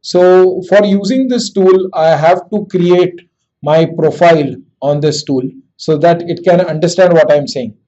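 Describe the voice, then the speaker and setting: A man with an Indian accent walking through a software demo in a steady, explanatory way, with frequent "so" and "uh". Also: on the high side, measured pace, highs cut off. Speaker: tech presenter. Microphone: headset.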